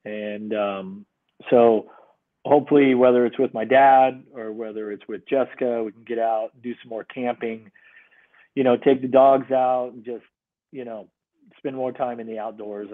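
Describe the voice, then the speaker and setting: Middle-aged man on a tinny line. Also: on the low side. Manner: relaxed, rambling with many fillers. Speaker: podcast guest. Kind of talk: casual conversation.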